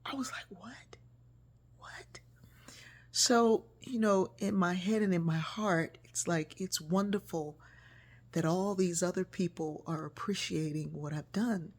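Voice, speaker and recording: A woman author telling a personal story in a casual, animated way, acting out the voices she quotes. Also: on the low side, a little slow.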